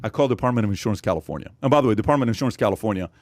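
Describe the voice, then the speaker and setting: A man hosting a podcast, telling a long story with energy and emphasis, with sudden loud jumps in his voice. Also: fairly low pitch, lively intonation, rapid-fire, no room sound. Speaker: podcast host. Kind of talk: animated storytelling in podcast chat.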